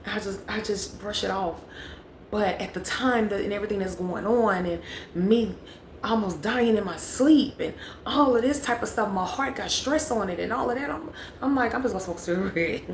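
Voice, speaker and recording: Woman, storytime vlog, chatty, roomy echo, faint hiss behind. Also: medium pitch. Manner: chatty, talks straight to viewers, repeats phrases for emphasis. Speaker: vlogger. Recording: echoey room with faint background noise.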